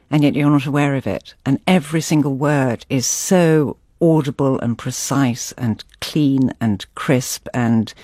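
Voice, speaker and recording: A man's voice: mid-range voice, darkish tone, no echo, studio quality. A man, a former colleague, reminiscing earnestly at a round table.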